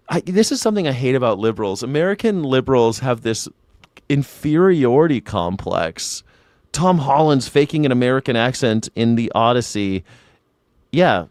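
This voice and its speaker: A man's voice: medium pitch, clear, resonant tone, no room sound, studio quality. A man hosting a livestream, reacting with profane, sarcastic rants. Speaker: livestream host. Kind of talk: casual livestream commentary.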